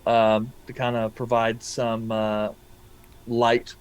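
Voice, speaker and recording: A man narrating a tabletop game as game master, pausing often with ums and uhs. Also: mid-range voice, completely flat delivery, smooth, poor audio. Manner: hesitant, many ums and uhs.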